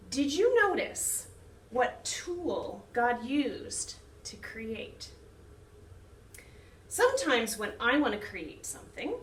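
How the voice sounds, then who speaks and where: A woman who directs a children's choir, teaching young children a lesson slowly in a sing-song way. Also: fairly high pitch, a bit bright, slight background noise. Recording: echoey room, mic some distance off.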